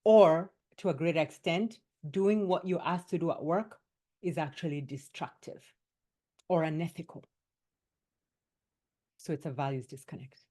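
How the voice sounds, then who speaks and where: A woman coach leading a wellness workshop for doctors, her voice sitting a little low for a woman. She talks in a lively, emphatic way, driving each point home and often tagging it with a quick "right?" to keep the room with her.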